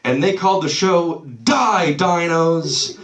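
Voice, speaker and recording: A man's voice: fairly high pitch, takes it slowly, a bit bright, recorded from a distance. A man doing a live stand-up set in a small club, loose and swearing, losing his place and laughing it off. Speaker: stand-up comedian. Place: small comedy club stage. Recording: roomy club sound from off-mic.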